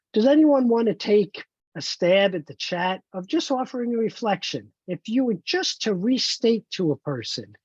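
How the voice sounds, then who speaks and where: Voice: mid-range voice, darkish tone, husky, dry recording, dull audio. A trainer leading an online training webinar, encouraging and explaining step by step over a video call.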